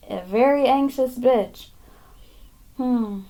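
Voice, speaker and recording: A woman giving a pick-a-card tarot reading to camera. She is blunt and profane, repeats phrases for emphasis, and swings between loud emphasis and hushed asides. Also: on the high side, measured pace. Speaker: tarot reader.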